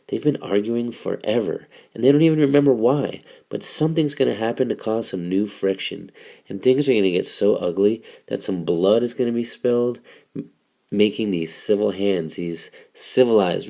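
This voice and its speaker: A man's voice: fairly low pitch, creaky, warm tone. A man teaching a recorded literature lesson, explaining step by step in a casual way.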